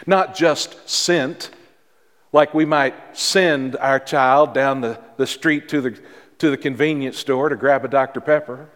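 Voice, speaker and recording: A man pastor preaching a sermon in a church, with dramatic pauses and repeated words for emphasis. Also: a little high, long reverb tail. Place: church sanctuary.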